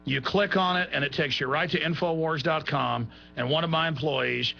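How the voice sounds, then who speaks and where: A man's voice: a little high, moderate pace, gravelly, pushed and bright. A man hosting a talk radio show who speaks in an urgent, insistent, alarmed way. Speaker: radio host. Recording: muffled radio broadcast with faint hum.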